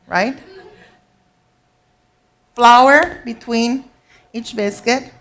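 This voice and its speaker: A woman's voice: fairly high pitch, moderate pace, fairly bright tone. A woman cooking instructor giving a live demonstration, chatty and instructive, often checking in with her audience. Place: teaching kitchen before a live audience.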